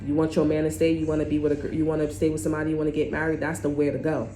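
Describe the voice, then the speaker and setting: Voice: mid-range voice, little pitch movement, rapid-fire, mellow, a little hiss or hum. A tarot reader talking straight to viewers in a blunt, chatty, profane way. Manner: direct address to viewers. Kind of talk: casual tarot reading monologue. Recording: echoey room.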